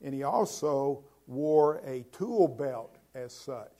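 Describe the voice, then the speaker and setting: A man preaching a sermon in a slow, halting way, with many fillers and restarts, stressing key words so his voice swells and then drops. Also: mid-range voice, animated, dark tone. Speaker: pastor.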